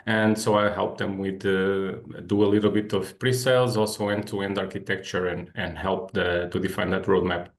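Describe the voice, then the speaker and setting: A man speaks as a panelist in an online discussion. His voice sits fairly low, and he sounds friendly though hesitant, with fillers between phrases. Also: little pitch movement, moderate pace, few pauses.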